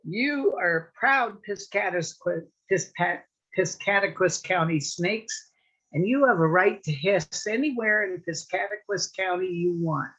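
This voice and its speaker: A woman's voice: fairly low pitch, fairly bright tone, slightly rough, highs cut off. A woman voicing a proud, bossy senior male snake who lectures the young snakes. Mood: indignant. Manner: preachy, indignant, quick when riled.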